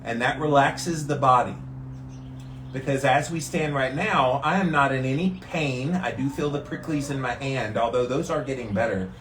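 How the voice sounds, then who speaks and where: Male vlogger, mid-range voice, unhurried and steady, chatting from an ice tank. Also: mid-range voice, echoey room, slight background noise. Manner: calm and steady, relaxed despite the cold. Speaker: vlogger doing a daily ice bath challenge. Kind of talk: casual talk to camera. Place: sitting in an ice bath tank.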